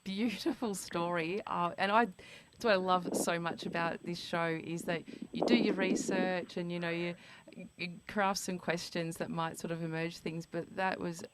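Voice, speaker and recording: A woman's voice: on the low side, steady tone, normal speed, background noise. A middle-aged woman hosting a radio interview, responding with short encouraging affirmations. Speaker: radio host. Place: radio studio. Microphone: studio microphone.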